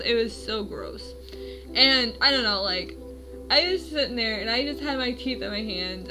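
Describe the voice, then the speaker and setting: A woman's voice: a little high, rough recording. A woman in her twenties at home, telling her dreams in a rambling, self-correcting casual vlog. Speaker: vlogger.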